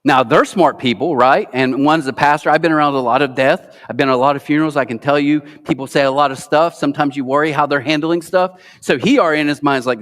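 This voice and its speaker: A middle-aged American man preaching an Easter sermon, telling stories with lively acted-out quotes. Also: a little high, fast. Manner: animated storytelling, acts out quoted voices. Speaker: pastor. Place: large church auditorium. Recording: long hall reverb.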